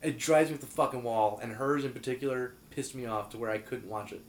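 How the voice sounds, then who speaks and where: A man's voice: medium pitch, steady tone, fast. Blunt swearing man from New Orleans. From US South, New Orleans. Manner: blunt, profane ranting. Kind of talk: casual chat. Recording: roomy echo.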